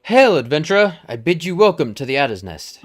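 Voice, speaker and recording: A man's voice: fairly high pitch, very animated, fairly quick. A man voicing a stern, formal male military commander with a stately, old-fashioned delivery, reading game dialogue aloud.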